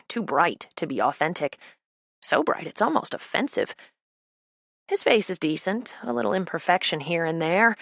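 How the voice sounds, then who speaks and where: A woman's voice: lowish voice, a bit bright, no echo. A woman narrating a novel in the first person as an audiobook, with a dry, wry delivery.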